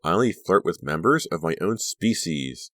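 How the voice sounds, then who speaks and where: A man voicing a quick-witted, sarcastic teenage girl who jokes in a horror audiobook. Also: low voice, sing-song, a bit bright, no room sound, exaggerated voice. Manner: sarcastic, joking.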